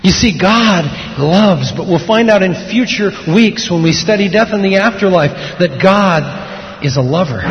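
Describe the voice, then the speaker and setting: A man preaching a sermon to a congregation, moving between slow hushed passages and loud, excited storytelling. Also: medium pitch, muffled recording, slight background noise. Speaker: pastor. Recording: long hall reverb, faint ambience.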